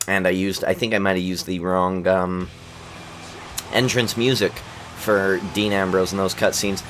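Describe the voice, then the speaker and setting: A man's voice: low-pitched, little pitch movement, a little slow, a little hiss or hum. A man giving casual, rambling gameplay commentary at home, keeping his voice down at night, full of fillers and restarts. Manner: kept quiet at night. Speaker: video game commentator.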